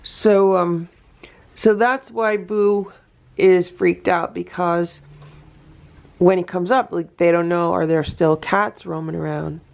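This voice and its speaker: A woman narrates her cat rescue vlog from home in a relaxed, chatty way. Her voice sits a little low and has a gravelly edge. Now and then she turns to coax her cats sweetly. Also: slow pace, muffled recording. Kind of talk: casual narration to camera. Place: home indoors.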